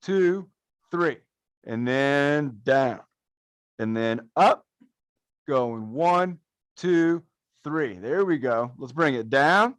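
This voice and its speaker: A man's voice: on the high side, a bit bright, no echo. Upbeat man coaching a fitness class. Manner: upbeat, encouraging, playful counting and cueing. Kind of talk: live adaptive fitness class instruction. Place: fitness studio.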